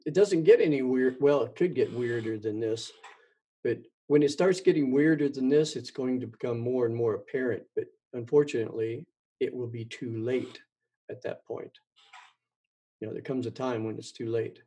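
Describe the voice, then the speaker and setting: A man's voice: mid-range voice, normal speed, mellow, husky. A man hosting his own show, talking in a rambling monologue, stumbling and repeating words with many ums. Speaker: podcast host.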